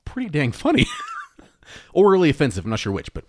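A man's voice: fairly high pitch, wildly swooping pitch, fast, no room sound, studio quality. A man co-hosting a podcast, chatting casually, joking and laughing as he reads out facts. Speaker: podcast co-host. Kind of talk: casual chat.

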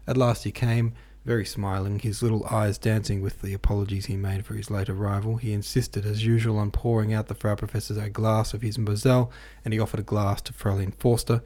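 A man reading a classic novel aloud as an audiobook narrator, with a measured, even delivery. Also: on the low side. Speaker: podcast host and audiobook reader.

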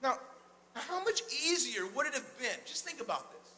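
A male pastor preaching an energetic sermon in a church, calling out to the congregation and retelling scripture in a casual, conversational way. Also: very high-pitched, normal speed, a little hiss or hum. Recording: long hall reverb.

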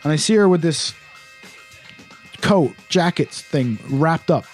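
A man casually telling a story on a podcast, animated and full of swearing. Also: fairly high pitch, takes it slowly, faint music behind.

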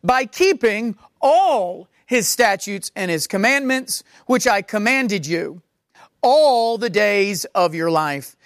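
A woman delivers a sermon in a somewhat high voice. She stresses and repeats key words and slows right down when reading scripture. The sound is dry and close, with no room echo. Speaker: preacher.

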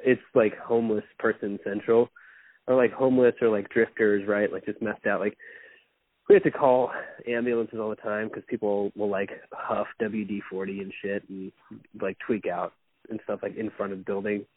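A young man chats as a podcast guest, spinning loose, profanity-laced stories and laughing often. His voice is a bit husky. It comes through a narrow, phone-like line with a dry sound. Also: fairly low pitch, little pitch movement, normal speed, no echo. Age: young adult. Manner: rambling storyteller, swears freely, laughs often. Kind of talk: casual chat.

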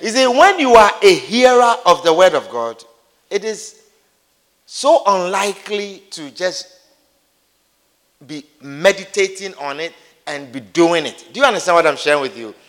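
A man with a high voice preaches a sermon in a church hall. He plays out little everyday scenes and hammers his points home by repeating them, and long reverb trails behind each phrase. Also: expressive, measured pace, a bit bright.

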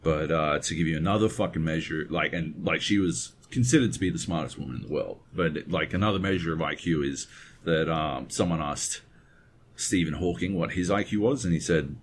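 Male podcast co-host, very low voice, profane and digressive, faint background hiss. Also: brisk. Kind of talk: casual chat. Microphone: webcam setup at home desk.

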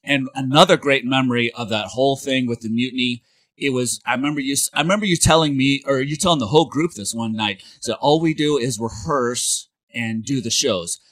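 A man hosting a casual podcast chat, enthusiastic and quick to laugh as he talks over a video call. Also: mid-range voice, a bit bright. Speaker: podcast host.

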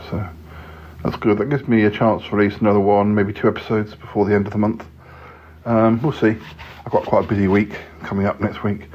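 A man's voice: on the low side, breathy edge. A man hosting a podcast, chatting casually and hesitantly from a hotel room. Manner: rambling, hesitant, with many ums. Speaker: podcast host. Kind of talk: casual solo chat. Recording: dull lo-fi sound.

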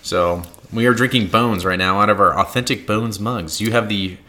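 A man's voice: lowish voice, moderate pace, pushed and bright. A man co-hosting a podcast in a converted loft studio, talking in a playful, joking, rambling way. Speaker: podcast co-host. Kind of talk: casual chat.

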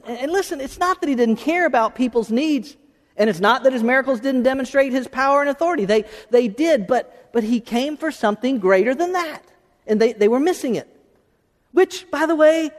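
A man's voice: extremely high pitch, lively intonation, a little fast. A man preaching a sermon as pastor, conversational, asking rhetorical questions and restarting his phrases. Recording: long hall reverb.

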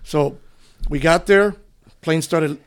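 A middle-aged man from Cuba, a retired police officer, telling his story in an interview in a relaxed, rambling way. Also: on the high side, slow, smooth. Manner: relaxed, rambling, often says "you know". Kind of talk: conversational storytelling.

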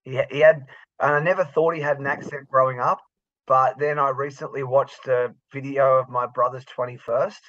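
A man's voice: medium pitch, level tone, normal speed, a bit bright, no echo, dull audio. An Australian man co-hosting a casual podcast over a remote call, joking with sarcastic exaggeration. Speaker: podcast co-host. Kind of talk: casual chat.

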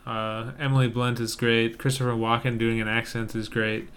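A man's voice: mid-range voice, little pitch movement, moderate pace, fairly bright tone, smooth. A man co-hosting a casual podcast, chatting about movie trailers with wry, joking banter. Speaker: podcast co-host.

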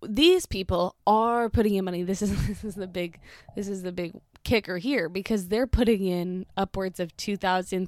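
Woman, blunt and sarcastic commentary, casual delivery, mid pitch, dry close recording. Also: no room sound. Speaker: social media commentator.

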